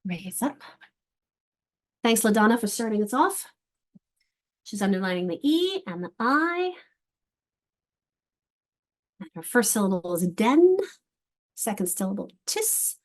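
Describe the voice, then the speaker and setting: A woman literacy instructor leading an online workshop for teachers, encouraging and sounding out syllables slowly. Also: medium pitch, very animated.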